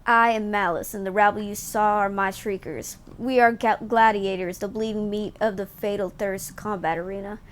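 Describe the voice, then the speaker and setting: A woman's voice: medium pitch, steady tone, normal speed, hardly any pauses, lightly acted. A woman reading as a scornful snake-like alien. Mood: haughty. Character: scornful snake-like alien gladiator leader, male.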